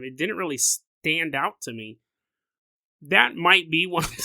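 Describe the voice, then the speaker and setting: A man hosting a paranormal podcast, talking casually in a rambling, animated way and laughing often. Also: a little high, no echo. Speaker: podcast host. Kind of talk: casual solo podcast talk.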